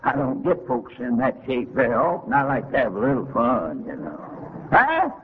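A man preaching a sermon, telling a homespun story dramatically and climbing to emotional high points. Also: huge pitch swings, moderate pace, a little hiss or hum. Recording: tinny lo-fi narrow-band recording.

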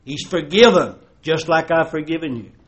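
A man preaching a sermon as pastor. He swings from loud emphasis to hushed tones and uses folksy storytelling and repeated rhetorical questions. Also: fairly high pitch, moderate pace.

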